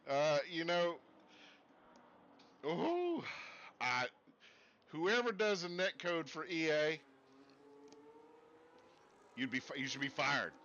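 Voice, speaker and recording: Man, put-on Southern drawl, race commentator, high bright voice, folksy rambling, muffled stream audio. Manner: rambling, folksy, jokey asides. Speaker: sim racing commentator. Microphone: streaming setup at a desk with screens.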